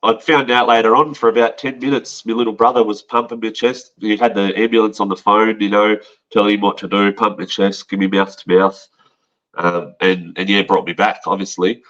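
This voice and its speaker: A man's voice: lowish voice, level tone, brisk, fairly bright tone, dull audio. An Australian man telling his own story on a podcast in a frank, rambling way, swearing and calling the listener mate. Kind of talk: casual storytelling.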